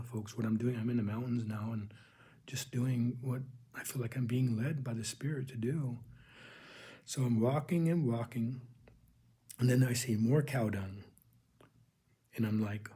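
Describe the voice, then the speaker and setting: A man's voice: medium pitch, dark tone, husky. A man earnestly telling his personal faith testimony, rambling and calling his listeners "folks". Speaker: religious channel host.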